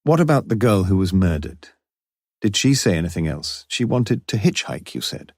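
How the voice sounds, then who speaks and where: A man's voice: on the low side, big pitch swings, normal speed, dry recording, clean studio sound. Inspector Morse, a man doing a wry, shrewd inspector. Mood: coaxing. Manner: wry, coaxing and quietly commanding. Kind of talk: audiobook character voice.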